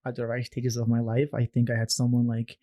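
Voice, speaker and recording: Fast-talking man telling his story. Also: medium pitch. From Canada. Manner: animated, acts out quoted voices, many restarts. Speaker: podcast guest. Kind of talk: conversational storytelling.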